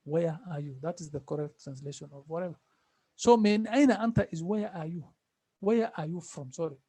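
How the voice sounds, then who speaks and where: A man teaching an Arabic class, repeating phrases slowly and patiently for his students. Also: fairly high pitch, warm tone, breathy edge, no echo. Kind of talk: online language class.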